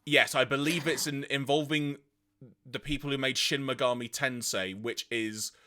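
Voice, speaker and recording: Bright, rambling man streamer. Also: mid-range voice, steady tone, moderate pace. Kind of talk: casual chat while playing a game.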